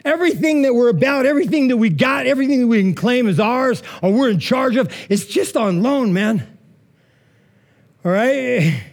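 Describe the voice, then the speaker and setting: A man's voice: extremely high pitch, lively intonation, moderate pace. A man preaching a sermon in a casual, conversational way, full of asides and rhetorical questions. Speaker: pastor.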